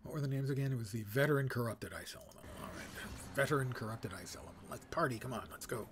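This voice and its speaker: A male game streamer talks at an ordinary pitch in a loose, chatty flow. He jokes wryly and mutters to himself as he reads, over faint background ambience. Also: fast, noisy background. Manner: wry and chatty, mock-judging player names. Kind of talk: casual gameplay commentary.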